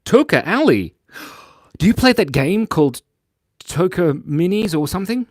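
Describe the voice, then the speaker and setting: A man's voice: high-pitched, very animated, unhurried, no room sound, studio quality. A man hosting a casual drawing livestream, chatting playfully, reading viewer comments aloud and giggling often. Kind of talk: casual live-stream chat while drawing.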